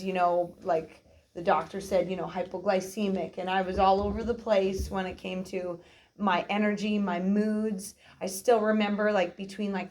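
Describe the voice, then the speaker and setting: A woman talks through a personal story at an easy, chatty clip, pitched at an everyday middle. She gets animated, slipping into little acted-out voices as she goes. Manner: chatty, animated, acts out quoted voices, laughs often. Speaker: co-host of a nutrition workshop. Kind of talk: casual storytelling talk.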